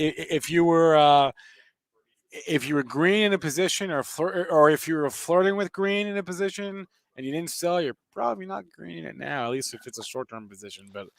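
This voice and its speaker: A man co-hosting a live market show, chatting casually and playfully with lots of halting restarts. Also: on the high side, no room sound. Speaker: co-host reading the chat.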